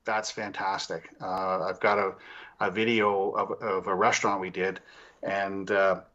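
A man's voice: low voice, flat delivery, measured pace, fairly bright tone. Rambling male investigator on a muffled call. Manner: rambling, with many restarts and fillers. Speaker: paranormal investigator guest. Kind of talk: casual interview storytelling.

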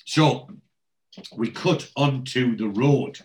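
A man chatting casually as a podcast host. He retells scenes from a show and quotes each character's lines in a lively storytelling way. His voice sits at an ordinary pitch. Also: takes it slowly, rough recording.

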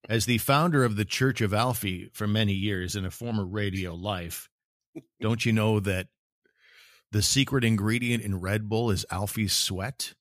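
A man's voice: on the low side, moderate pace, fairly bright tone, no echo, studio quality. A man hosting a casual sports talk podcast, chatting and joking with sarcastic banter. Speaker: podcast host.

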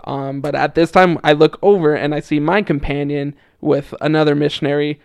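A man's voice: a little high, steady tone, moderate pace, smooth, no room sound. A young man casually telling a story as a podcast guest, chatty with lots of fillers and frequent laughs. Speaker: podcast guest, returned missionary.

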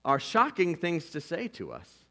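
Impassioned pastor with a bright, forceful voice. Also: male voice, on the high side, huge pitch swings, unhurried. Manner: impassioned, swings from loud to hushed; earnest and conversational, with "like" and "you know". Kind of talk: sermon.

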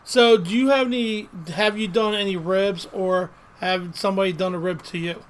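Man, podcast co-host, high-pitched, eager fan, chatty questions, laughs easily. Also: fairly even intonation, moderate pace, slight background noise. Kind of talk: casual podcast interview.

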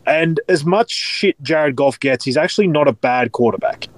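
A man's voice: fairly high pitch, moderate pace, dry recording. A man, a podcast guest talking in a casual, cheeky way. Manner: cheeky, laughs between lines.

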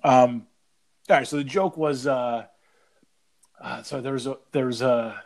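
Male podcast co-host, middle-pitched, rambling joke-teller with many restarts. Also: fairly even intonation, creaky, darkish tone. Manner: rambling, halting with restarts, laughing. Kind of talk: casual chat, telling a joke.

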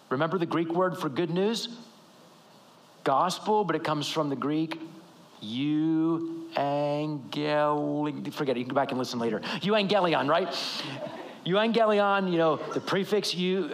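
A male pastor giving a sermon, preaching in a lively conversational way, with quick asides and acted-out quotes. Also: high voice.

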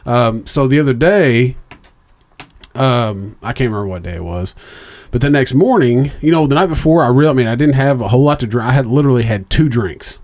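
A man's voice: mid-range voice, fairly quick. Profane, rambling middle-aged man telling a story. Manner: profane, rambling, animated when quoting others. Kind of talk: casual storytelling chat.

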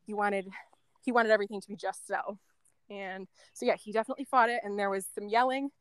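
A woman's voice: medium pitch, fairly even intonation, fast, clear, resonant tone, dry recording. A woman being interviewed, telling a story casually, with lots of "like" and "um" and small laughs between thoughts. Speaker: guest, former end-of-life caregiver.

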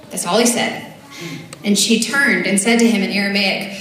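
A woman's voice: mid-range voice, moderate pace, far from the mic. Woman giving a sermon, chatty and earnest, lots of ums, big echoey church sound. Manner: earnest, conversational, with frequent filler words. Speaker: speaker at a church service. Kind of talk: sermon with scripture reading.

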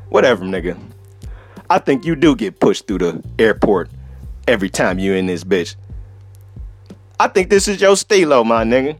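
A man's voice: mid-range voice, sing-song, moderate pace, soft background music. A man hosting a solo podcast, telling a travel story in a profane, laughing, casual way. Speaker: podcast host.

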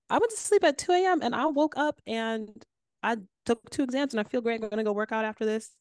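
A woman in her twenties co-hosting a podcast in casual chat, animated and laughing, swinging between soft and loud. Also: on the high side, fairly quick, no room sound, studio quality. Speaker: podcast co-host.

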